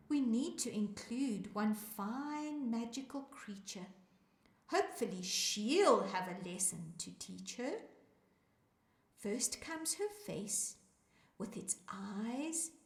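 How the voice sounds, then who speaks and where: A high, lively woman from South Africa reads a rhyming children's story in an unhurried, sing-song way. Her pitch swings widely as she calls out to her young listeners. The room around her rings with echo. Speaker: children's music teacher reading a story.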